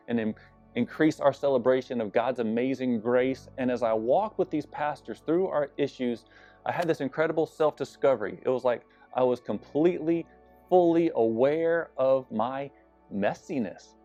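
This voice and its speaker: A man's voice: mid-range voice, mellow. Earnest male pastor telling a personal story. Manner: earnest, confessional, self-deprecating humor. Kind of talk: sermon-style personal storytelling. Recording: slightly dull sound with faint music behind.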